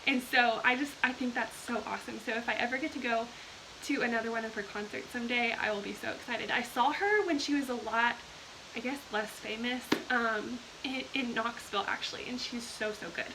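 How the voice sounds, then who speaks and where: A woman's voice: fairly high pitch, fairly quick, background noise. A woman hosting a live video, chatting casually and gushing with enthusiasm as she reads viewer comments aloud.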